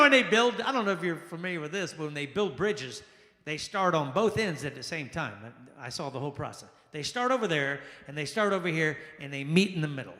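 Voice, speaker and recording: Bright, forceful male stand-up comic, exclamatory, recorded in a roomy lounge. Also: a little high. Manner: animated, exclamatory, acts out quoted people. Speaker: stand-up comedian. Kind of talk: stand-up comedy set. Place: jazz lounge stage. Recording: echoey lounge with long reverb.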